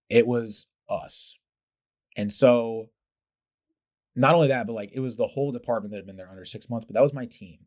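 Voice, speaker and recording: A young man hosting his own podcast, telling workplace stories in a casual, animated way, with loud profane bursts and quiet asides. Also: on the low side. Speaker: podcast host. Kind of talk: casual storytelling monologue.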